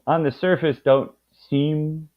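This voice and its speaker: A man's voice: on the high side, steady tone, slow pace. A man guesting on a casual comic review chat, rambling and stumbling over his words. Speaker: guest co-host. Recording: tinny phone-like call audio.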